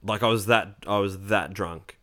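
A man's voice: on the low side, fairly even intonation, normal speed, pushed and bright. A man co-hosting a podcast in casual chat, telling a rambling, self-mocking story. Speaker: podcast co-host.

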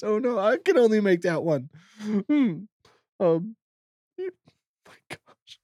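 A man co-hosts a casual book podcast, speaking slowly with many ums and self-deprecating asides. His pitch swings widely as he laughs his way through. The recording is dry and close. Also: lively intonation, mellow, no room sound. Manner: laughs often, self-deprecating, halting with fillers. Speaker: podcast co-host. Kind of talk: casual chat about a book.

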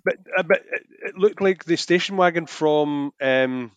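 A man's voice: a little high, moderate pace, clear, resonant tone, no room sound, dull audio. A man co-hosting a casual film podcast, enthusiastic and often stumbling over his words. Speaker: podcast co-host.

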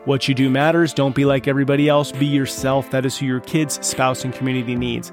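Earnest male podcast host in his thirties, gravelly voice, motivational and direct, soft guitar bed. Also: medium pitch, flat delivery, brisk. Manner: earnest, pep-talk, addresses dads directly. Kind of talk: solo motivational podcast talk.

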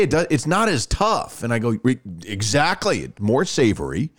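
A man hosting a sports radio show, talking football and reading ads in a lively storytelling way. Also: on the high side, fast talker. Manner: animated storyteller, lively ad delivery. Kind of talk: sports talk and live ad reads.

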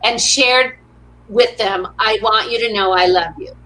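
A woman's voice: mid-range voice, measured pace, bright, forceful tone, rough recording. A middle-aged woman, a motivational speaker, chatting in an interview and telling upbeat stories with quoted lines acted out. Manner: upbeat storyteller who acts out quotes. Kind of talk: casual interview conversation.

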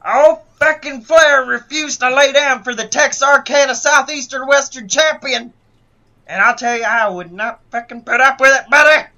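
A man voicing a crude, hot-tempered old wrestler who shouts and curses. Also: very high-pitched, moderate pace, lo-fi sound, full character voice. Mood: angry. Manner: gruff, shouting, cursing.

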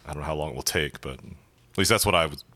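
A man's voice: a bass voice, quick pace, sharp tone, dry recording. A man playing a tabletop game, chatting casually and correcting himself as he goes. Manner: hesitant, self-correcting. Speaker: player.

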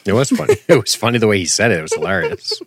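Deep-voiced man recapping a show. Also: huge pitch swings, racing, breathy edge, dry recording, studio quality. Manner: recaps scenes, reads out lines, laughs often. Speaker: podcast co-host. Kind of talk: casual recap chat.

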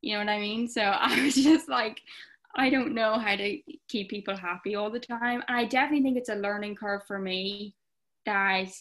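A young woman with an Irish accent talks casually as a podcast guest. She rambles warmly through her thoughts with plenty of "like" and "literally". Her pitch sits in the middle range for a woman. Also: normal speed. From Ireland. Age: young adult. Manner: chatty, many fillers, acts out comments in quoted voices. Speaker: guest content creator.

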